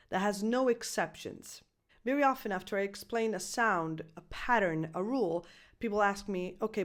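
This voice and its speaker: Clear, deliberate woman pronunciation coach. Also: mid-range voice. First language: Italian. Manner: clear and deliberate, slows to model sounds and spell out letters. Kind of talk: video lesson to camera.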